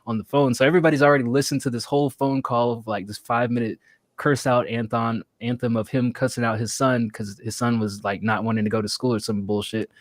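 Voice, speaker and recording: A man in his thirties co-hosting a podcast, telling workplace stories in a casual, animated way and acting out the people he quotes. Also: mid-range voice, fast talker, no echo. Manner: animated, acts out quotes, laughs a lot. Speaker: podcast co-host. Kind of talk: casual storytelling chat.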